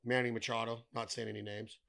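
A man's voice: mid-range voice, flat delivery, quick pace, gravelly, pushed and bright. A middle-aged man talking casually as a podcast guest, blunt and given to swearing, ranting with wry humor. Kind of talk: casual chat.

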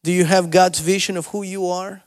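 Male pastor, sermon, high voice, storytelling then rising exhortation, church sanctuary, long reverb. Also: little pitch movement, normal speed. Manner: storytelling with shifts between soft asides and loud rising exhortation.

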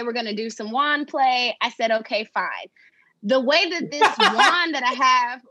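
A young adult woman hosting a podcast, telling a personal story in a candid, animated way with laughter. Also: on the high side, no echo, muffled recording. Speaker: podcast host. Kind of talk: casual storytelling chat.

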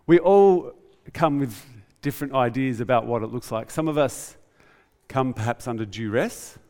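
A man preaching a conversational, animated sermon in a church. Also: mid-range voice, moderate pace. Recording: reverberant church hall.

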